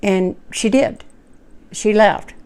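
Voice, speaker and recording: Woman, middle-aged, folksy, rambling, self-correcting, smooth clear voice. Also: mid-range voice, slow, darkish tone. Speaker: cooking channel host telling a personal story. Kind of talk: casual personal storytelling.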